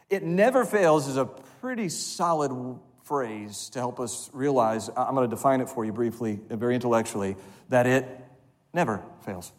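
A male pastor preaching a sermon, leading the congregation in call-and-response and slowing down to read scripture. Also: a little high. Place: church sanctuary. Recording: long hall reverb.

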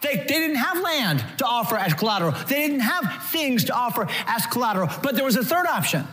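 Lively high-voiced male preacher. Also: a little fast, faint music behind. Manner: animated preaching, acting out quotes. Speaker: pastor. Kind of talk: sermon.

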